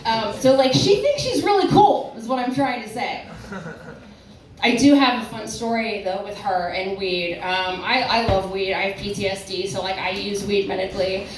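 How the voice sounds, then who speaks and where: A woman's voice: medium pitch, little pitch movement, normal speed, slight background noise. A young woman performing a stand-up comedy set, rambling and self-deprecating, with a lot of "like" and "um". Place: comedy club stage. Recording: roomy club sound from a distance. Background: audience laughter.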